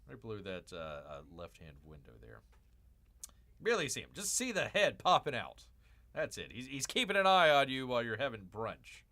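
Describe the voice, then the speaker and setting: A male livestream host with a lively, swooping delivery and a bright, forceful tone. He jokes his way through casual commentary, calling himself Bear. He drifts into rambling asides and repeats his own lines. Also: mid-range voice, moderate pace. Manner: joking, calls himself Bear in third person.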